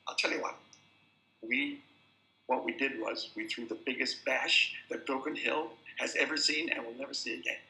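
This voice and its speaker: An older man, a film director, telling anecdotes at a festival introduction as a lively storyteller who repeats words at restarts. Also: mid-range voice, moderate pace, slight background noise. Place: festival screening venue. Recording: roomy hall sound.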